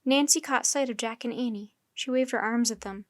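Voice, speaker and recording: A woman storyteller reading a children's chapter book aloud in steady, clear narration. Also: fairly high pitch, fairly quick, dry recording, clean studio sound.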